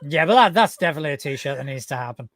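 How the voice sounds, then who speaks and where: A man's voice: a little high, expressive, racing, a bit bright, no room sound. Wry man, dry close sound. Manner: wry, teasing, laughs along. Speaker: podcast co-host. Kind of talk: casual chat.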